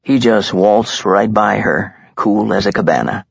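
Male audiobook narrator, husky and gravelly, measured thriller read, dull lo-fi recording. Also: lowish voice, dry recording. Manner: measured, tense storytelling. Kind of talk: scripted dramatic narration.

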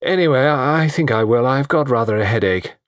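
A man's voice: medium pitch, expressive, a little fast, no echo, studio quality, pitched above the performer's own voice, lightly acted. A man voicing a proud young woman who speaks in a tense, clipped way. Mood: strained. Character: strained, proud young English fiancée.

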